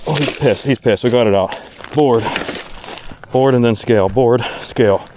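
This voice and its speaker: A man films himself fishing from a boat outdoors, giving excited on-the-water commentary to the camera, exclaiming and repeating himself. His medium-pitched voice moves at a moderate pace against a noisy background.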